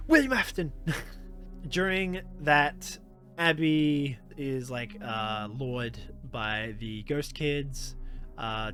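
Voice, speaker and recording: A man's voice: mid-range voice, a bit bright. Rambling man recapping a movie. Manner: rambling, filler-heavy, laughs often. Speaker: YouTuber reviewing a movie.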